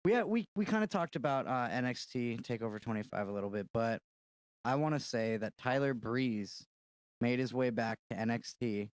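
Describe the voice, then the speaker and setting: A man co-hosting a podcast, chatting casually and retelling scenes with quick voices of other people. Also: mid-range voice, clean tone, no room sound. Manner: animated storytelling, doing quick voices of others. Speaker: podcast co-host. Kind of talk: casual chat. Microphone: podcast mic.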